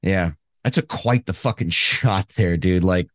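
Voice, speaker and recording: A man's voice: low voice, unhurried. A man co-hosting a podcast in casual chat, laid-back and swearing freely, with many ums and restarts. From San Diego area. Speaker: podcast co-host.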